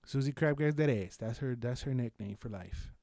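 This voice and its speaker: A young man co-hosting a podcast, chatting casually about shows with lots of swearing and animated storytelling. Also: mid-range voice, normal speed, dry recording, studio quality. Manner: animated, profane, loud bursts of laughter-filled storytelling. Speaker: podcast co-host. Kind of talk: casual chat, reviewing shows.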